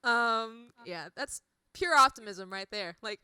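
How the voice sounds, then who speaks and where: A woman's voice: a little high, lively intonation, unhurried, pushed and bright, clear, resonant tone, no room sound. A young woman co-hosting a fan podcast in casual chat, giggly and hesitant, with many "uh" and "um" fillers. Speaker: podcast co-host.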